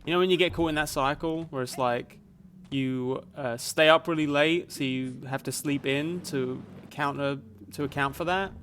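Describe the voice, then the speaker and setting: A man with a softened Essex accent, chatting casually to viewers while streaming a game, rambling with plenty of fillers. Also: a little high, steady tone, normal speed, hardly any pauses, slight background noise. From Essex, England. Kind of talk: casual live gameplay chat.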